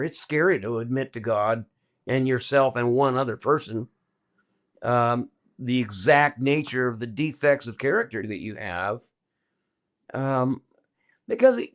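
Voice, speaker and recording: An older man talking casually as a guest, rambling and restarting his sentences as he tells stories. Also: mid-range voice. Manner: rambling, self-interrupting storyteller. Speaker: guest musician. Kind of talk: casual conversation.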